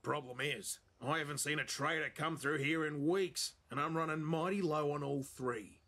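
An actor with an Australian accent playing a crude, teasing border guard in a video game, full of slang. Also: male voice, fairly high pitch, moderate pace, pushed and bright, husky, full character voice. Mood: matter-of-fact. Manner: brash, teasing, heavy slang. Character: crude joking Australian border guard, middle-aged prankster.

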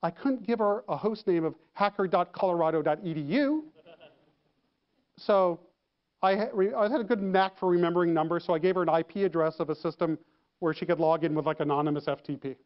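A man telling a story to an audience, lively, acting out the phone calls he describes. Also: fairly high pitch, a little fast, muffled recording. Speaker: keynote speaker. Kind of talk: storytelling talk.

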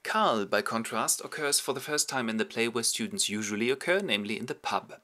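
A man's voice: mid-range voice, lively intonation, a little fast, pushed and bright. A man narrating a comic summary of a classic play, with wry ironic asides. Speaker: host and narrator.

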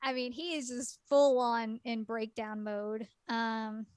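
A chatty woman with a slightly high voice, telling a story in relaxed podcast style. Her speech is full of "like" and "um", with quick laughs and exclaimed asides. The recording is dry and close, with no room sound. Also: clean tone, no room sound. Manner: chatty, filler-heavy retelling with lots of "like" and "um". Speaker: podcast co-host reviewing a game. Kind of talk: casual podcast chat.

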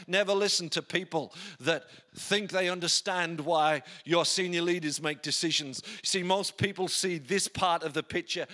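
A man preaching a sermon in church, emphatic, often dropping to quiet low tones for effect. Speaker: pastor.

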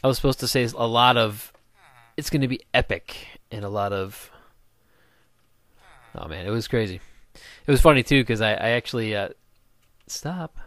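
A man's voice: mid-range voice, normal speed, long pauses, fairly bright tone, no room sound. A man chatting his way through a game session at a desk microphone, rambling from one thought to the next. He jokes freely and calls out to the characters on screen as he plays. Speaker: gaming video host. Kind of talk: casual let's-play commentary.

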